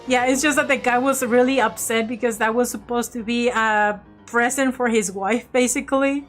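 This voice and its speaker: A woman vlogger casually telling an animated story and laughing often. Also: a little high, moderate pace, soft background music.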